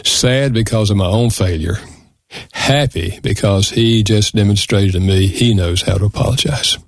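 A man's voice: lowish voice, normal speed, vocal fry, dry recording. An older man, a podcast guest, telling a candid, emotional personal story in an earnest, reflective way.

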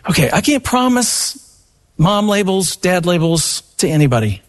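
A man giving a live event talk, telling stories in an earnest, animated way. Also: sits high, normal speed. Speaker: seminar speaker. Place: live event before an audience.

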